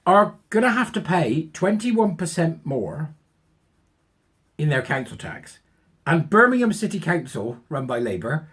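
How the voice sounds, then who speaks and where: A man's voice: a little high, takes it slowly, pauses often, husky. A man hosting his channel, giving a sarcastic, incredulous running commentary on a news story. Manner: animated, sarcastic, incredulous asides. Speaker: channel host.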